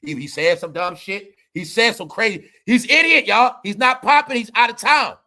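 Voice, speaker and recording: A man ranting through celebrity commentary in a forceful, bright, edgy voice pitched a little high. He is profane and emphatic, and he talks straight to his audience as the show's host. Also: normal speed.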